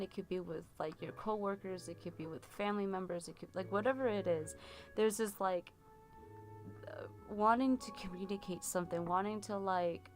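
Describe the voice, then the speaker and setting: Chatty woman giving a tarot reading. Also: mid-range voice. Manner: chatty, rambling with many fillers. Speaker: tarot reader. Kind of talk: live-stream tarot reading.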